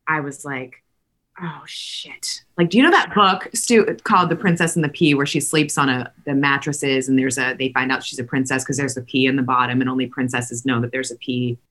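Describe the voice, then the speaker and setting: A woman in her forties telling lively stories in casual conversation, laughing often and acting out the people she quotes. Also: extremely low pitch, fast, few pauses. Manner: animated, laughing, acts out quoted voices. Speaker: podcast guest.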